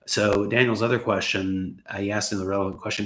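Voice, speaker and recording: A man's voice: lowish voice, level tone, normal speed, bright, forceful tone. An American man with a Southern accent under a Los Angeles one, a channel host rambling through viewer questions with joking, self-deprecating asides, his voice getting worn from talking. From United States. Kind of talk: casual livestream chat. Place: his home. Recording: echoey room.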